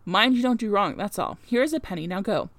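A woman voicing a blunt, suspicious old female servant who scolds in a rustic dialect, a little higher and louder than her own reading voice. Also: expressive, a little fast, no room sound, lightly acted.

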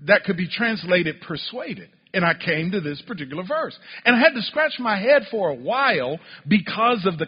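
Male preacher, high animated voice, dull lo-fi sound, long church-hall reverb, calls for congregation responses. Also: breathy edge. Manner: builds to fervent near-shouting when retelling scripture. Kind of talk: sermon.

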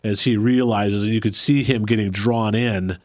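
A man's voice: lowish voice, fairly even intonation, normal speed, darkish tone, dry recording. A middle-aged man co-hosting a casual chat, rambling and correcting himself as he goes. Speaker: podcast co-host.

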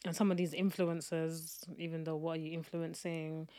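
A young woman, co-hosting a relaxed podcast. Her voice sits a little lower than most women's. She tells long, chatty anecdotes in an easy, conversational flow. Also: normal speed. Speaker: podcast co-host. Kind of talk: casual chat.

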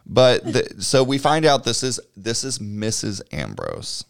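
A man's voice: mid-range voice, huge pitch swings, unhurried, creaky, no echo, studio quality. A man chatting casually, recapping a movie at a meandering pace, swearing and chuckling as he goes. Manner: rambling and swears freely, chuckling while recapping.

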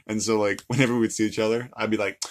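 A man's voice: fairly low pitch, flat delivery, fast talker. A young man in casual, playful chat, rambling and laughing often.

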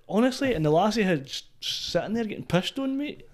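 A Scottish man from Falkirk talks as a guest on a casual podcast. He tells loose, sweary stories at a quick clip, his voice sitting a little high for a man, with laughter never far away. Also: lively intonation, gravelly. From Falkirk, Scotland.

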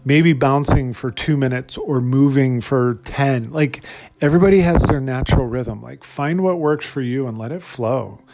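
A man's voice: medium pitch, moderate pace, background noise. A man hosting a solo motivational podcast, talking energetically and asking his listeners lots of rhetorical questions. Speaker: podcast host.

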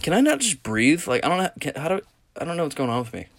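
A man's voice: a little high, wildly swooping pitch, fast talker, vocal fry, fairly bright tone, a little hiss or hum. A tired young man hosting a solo podcast, rambling through tangents and swearing casually. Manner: rambling, profane, tangent-prone. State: tired, yawning. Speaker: podcast host.

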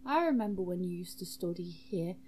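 A woman's voice: on the low side, animated, fairly quick, warm tone, a little hiss or hum, voice pushed down, lightly acted. A woman voicing a chatty, friendly shopkeeper who speaks familiarly.

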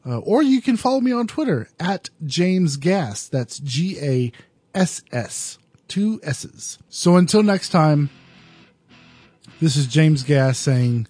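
A man's voice: on the high side, sing-song, slow, darkish tone, husky, faint music behind. A man hosting a solo podcast, giving an earnest, digressive film review in a casual way.

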